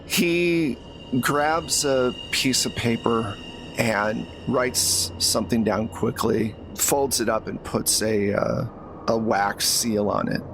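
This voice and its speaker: A man narrating a tabletop game as game master in a measured, second-person style. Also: medium pitch, vocal fry, over music.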